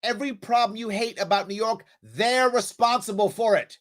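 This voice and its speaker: A man's voice: high-pitched, fairly even intonation, moderate pace. A male show host giving heated, scolding political commentary in an impassioned, repetitive way.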